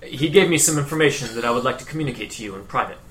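A man voicing a formal, courteous male lore master who speaks in measured, hesitant phrases. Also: mid-range voice, a bit bright, a little hiss or hum, lightly acted. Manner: measured, hesitant speech with many pauses.

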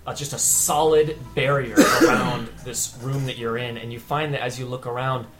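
A man narrating as game master of a tabletop game in a casual, halting way. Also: medium pitch, a loud crowd.

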